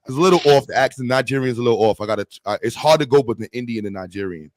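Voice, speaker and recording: A man's voice: mid-range voice, rapid-fire, no room sound. Blunt, rambling male stream host. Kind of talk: casual livestream chat.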